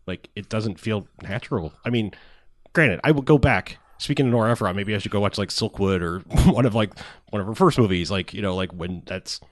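A man's voice: on the low side, fairly quick, no room sound. A man co-hosting a podcast in casual chat, rambling with many fillers, laughing and swearing now and then. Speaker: podcast co-host.

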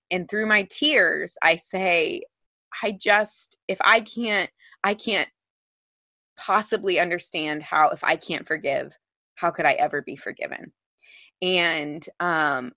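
A woman's voice: lowish voice, pushed and bright, dry recording. A woman guest on an interview podcast, sharing a personal story in an earnest, emotional way, often saying "like". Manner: earnest, emotional, heavy use of "like".

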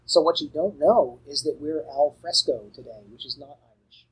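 A man's voice: on the high side, moderate pace, slightly rough, low-quality recording. A man co-hosting a casual music podcast outdoors, chatting in an easygoing way. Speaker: podcast co-host.

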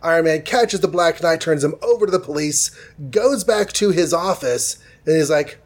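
A man casually retelling a comic book plot, tossing in quick voices for the characters. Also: fairly high pitch, lively intonation. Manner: loose, chatty retelling with quick dialogue voices. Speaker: podcast host.

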